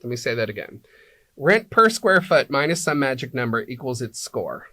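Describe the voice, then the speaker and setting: A man's voice: mid-range voice, big pitch swings, moderate pace, sharp tone. A man being interviewed as an apartment locator, explaining things like a teacher and checking in with "right?" and "okay?" as he goes.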